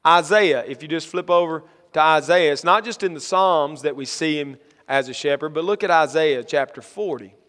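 A male pastor preaching a sermon, reading scripture slowly and building to emphatic, rising lines. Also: fairly high pitch, fairly bright tone, long reverb tail. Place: church sanctuary.

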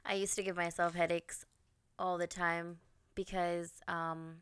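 A woman's voice: on the low side, flat delivery, unhurried, a bit bright, clear, resonant tone. A woman co-hosting a podcast, wondering aloud and stringing question after question in casual chat.

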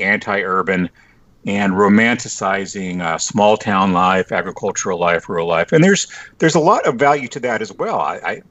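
A middle-aged man from the Texas Panhandle, a journalist guest chatting casually on a podcast, wry and lively, full of "you know" fillers. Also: on the low side, no echo, muffled recording.

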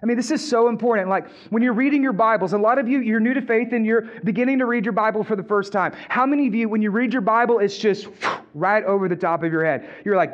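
A man's voice: sits high, highs cut off. A male pastor preaching a sermon in a casual, conversational way, repeating and restarting phrases.

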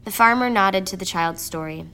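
A woman telling a dark fable as a storyteller, in measured, steady scripted narration. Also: medium pitch, clean tone. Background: music.

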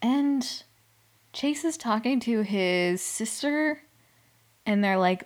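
A young woman talks through a reality dating show in loose, casual chat. Her voice sits at an ordinary middle pitch, and her delivery is sarcastic and rambling, full of "like" and quick laughs. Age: young adult. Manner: chatty, sarcastic, heavy on "like" and laughter.

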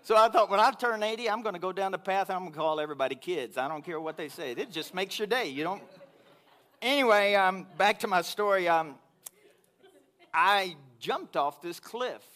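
A man preaching to his congregation, telling a personal story in an animated way that grows loud and high when he gets excited. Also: moderate pace. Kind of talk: sermon storytelling.

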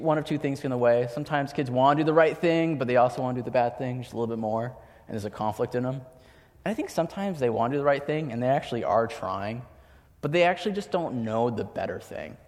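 A young man giving a sermon, telling personal stories in a casual, chatty way with lots of filler words. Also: medium pitch. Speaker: preacher. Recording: long hall reverb.

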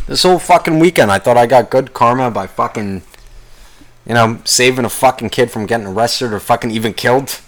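A man's voice: medium pitch, brisk. A man hosting his own podcast alone, ranting angrily in a rambling, profanity-heavy way. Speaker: podcast host. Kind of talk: solo podcast rant.

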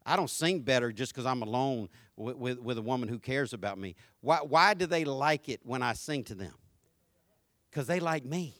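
A man in his fifties with a Southern US accent from Florida, preaching a folksy sermon that swings between quiet asides and loud shouts. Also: medium pitch, lively intonation, normal speed, no echo, studio quality. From Jacksonville, Florida. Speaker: pastor.

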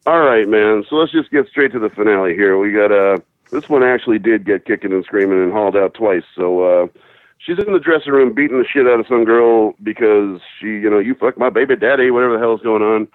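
A man's voice: fairly low pitch, a little fast, no echo. Brief: male caller, profane rambling storyteller, tinny phone line, very dry. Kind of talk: casual storytelling.

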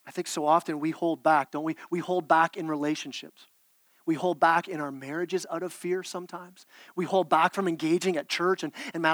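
A man's voice: high-pitched, fairly even intonation, brisk, fairly bright tone, dry recording. A man preaching a sermon as pastor, earnest, with repeated words and restarts.

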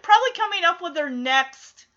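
Chatty, sarcastic woman, high bright voice. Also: expressive, moderate pace. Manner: chatty, sarcastic, laughs often. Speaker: film reaction commentator. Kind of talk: casual running commentary on a film. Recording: slightly dull lo-fi audio.

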